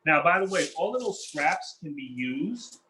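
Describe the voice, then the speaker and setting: A man's voice: a little high, big pitch swings, normal speed, bright, forceful tone, a little hiss or hum, poor audio. A man hosting a cooking demonstration in a kitchen, upbeat and chatty, talking straight to his viewers. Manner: upbeat, chatty, addresses viewers as y'all and family. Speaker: chef hosting a cooking demo.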